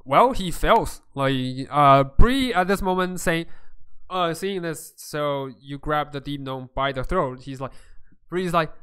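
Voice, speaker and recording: A man's voice: on the high side, slow pace, bright, forceful tone, smooth. A man running a tabletop game as its game master, narrating casually with many hesitations. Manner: casual, hesitant, filler-heavy.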